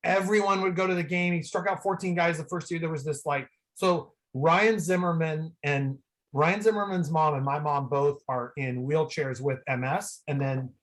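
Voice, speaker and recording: Man, guest, video call, rambling excitable storytelling, lots of "like", fairly high voice. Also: moderate pace. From San Francisco Bay Area. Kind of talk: casual storytelling.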